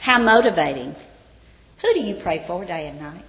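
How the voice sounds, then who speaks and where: A woman's voice: fairly low pitch, animated, moderate pace, fairly bright tone. A woman Bible teacher giving an earnest sermon, often asking her listeners rhetorical questions. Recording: long reverb of a large hall.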